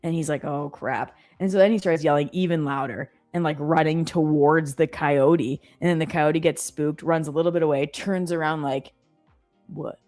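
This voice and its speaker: A woman's voice: low voice, moderate pace, faint music behind. A woman in her thirties chatting casually as a co-host, telling stories animatedly and acting out the voices. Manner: animated storyteller, acts out voices. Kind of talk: casual chat.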